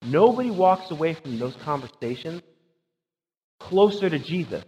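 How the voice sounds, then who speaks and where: A man's voice: a little high, sing-song, moderate pace, a little mellow, breathy edge. A man preaching a conversational sermon as pastor, emphatic and often checking in with a rhetorical "right?". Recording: dull sound with long hall reverb.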